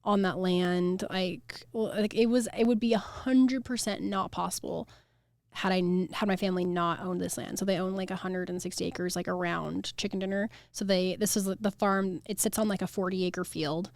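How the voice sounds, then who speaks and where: A woman's voice: on the low side, steady tone, moderate pace, gravelly, a little mellow, no echo. A young woman who owns a flower farm, talking in a casual, chatty podcast interview and saying "like" a lot. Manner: chatty, heavy use of "like".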